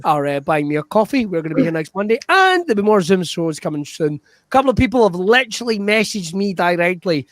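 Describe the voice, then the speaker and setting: A man hosting a live online improv comedy show over a video call, chatty and quick to laugh. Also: high voice, sing-song, fairly bright tone, dry recording, studio quality. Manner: upbeat, chatty, laughs often.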